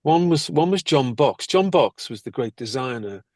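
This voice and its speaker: An older man, an actor, telling lively anecdotes in an interview and acting out the people he quotes. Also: mid-range voice, normal speed, no room sound. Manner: animated, acts out quoted people. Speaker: actor guest.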